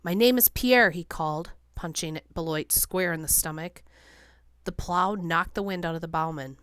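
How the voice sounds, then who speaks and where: A woman reading a novel aloud as an audiobook narrator, in a steady, measured way. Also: low voice, smooth, no echo, studio quality. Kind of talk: scripted narration.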